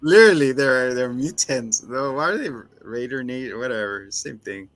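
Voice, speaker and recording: A man's voice: medium pitch, expressive, a bit bright, no room sound. A man co-hosting a casual review podcast, cracking jokes and chiming in. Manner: joking, quick to laugh. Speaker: podcast co-host.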